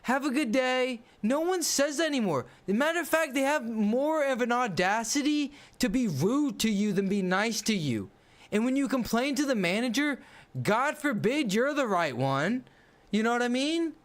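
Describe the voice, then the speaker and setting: A man with a high voice streams a game and chats casually with his viewers. He rants bluntly, full of slang and swearing. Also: lively intonation, moderate pace. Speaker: gaming livestreamer. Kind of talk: casual livestream chat while playing.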